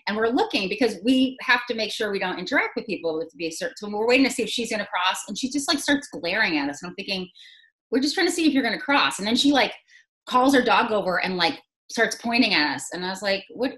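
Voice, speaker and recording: A woman comedian co-hosting a casual chat, telling a profane, animated story over a video call. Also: mid-range voice, fast, poor audio. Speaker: comedian co-host.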